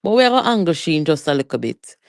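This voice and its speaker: A livestreamer with a Jamaican accent giving a heated, animated political rant, mixing Patois with English and talking straight to viewers. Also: mid-range voice, racing, no room sound, studio quality. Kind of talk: live political commentary rant.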